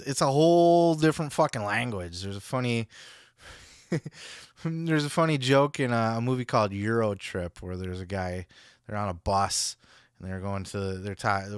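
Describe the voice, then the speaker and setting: Excitable man commenting, dry sound. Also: lowish voice, clean tone, no echo. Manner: excitable, swearing, laughing asides. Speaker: podcast host. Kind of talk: reacting commentary.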